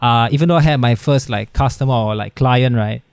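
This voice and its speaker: Smooth-voiced young man, chatty. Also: medium pitch, a little fast, no echo. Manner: rambling, many "like" and "right" fillers. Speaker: podcast guest. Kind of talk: casual podcast conversation. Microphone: video call over the internet.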